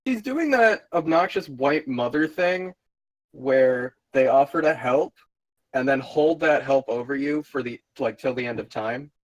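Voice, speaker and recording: A man playing a tabletop game, easygoing and thinking out loud, swearing casually now and then. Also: medium pitch, animated, unhurried, no room sound, poor audio. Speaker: player.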